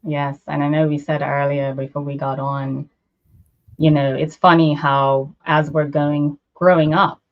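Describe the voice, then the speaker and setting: A woman's voice: sits low, flat delivery, measured pace, highs cut off. A woman co-hosting a casual conversation on a video call, affirming and enthusiastic.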